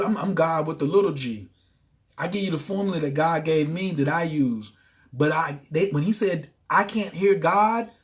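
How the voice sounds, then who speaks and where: High-voiced preachy man. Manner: preachy, repetitive, bursts into excited shouting. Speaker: self-help coach. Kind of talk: motivational livestream talk.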